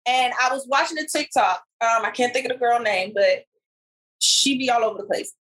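Casting: woman podcast co-host, fairly high voice, animated slangy storyteller. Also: a little fast, rough recording. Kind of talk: casual chat.

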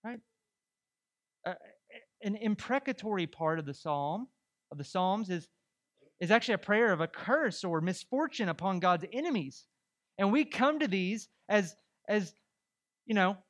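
A male pastor preaches a sermon in a conversational, animated style, peppering the congregation with rhetorical questions. His voice is high-pitched, at normal speed, with long pauses.

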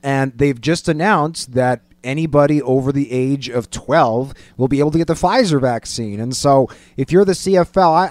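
A man co-hosting a casual sports talk show, opinionated and animated, mimicking quotes in a higher voice. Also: dry recording. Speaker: sports podcast co-host.

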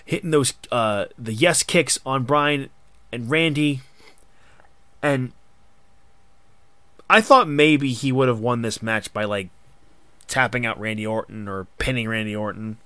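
A man hosting a casual podcast chat, excitable and rambling in long run-on bursts. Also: mid-range voice, measured pace, pauses often, clean tone, dry recording. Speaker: podcast host.

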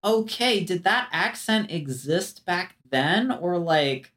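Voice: medium pitch, animated, takes it slowly, fairly bright tone. Meandering, chatty podcast co-host. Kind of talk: casual chat.

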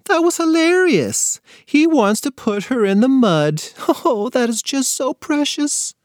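A man's voice: very high voice, sing-song, a little slow, dry recording, clean studio sound, pitched above the performer's own voice, heavily acted. A man voicing a jolly uncle who gushes and giggles in a kids' storybook. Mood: delighted. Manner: gushing, giggly. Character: jolly uncle cracking up over a toddler.

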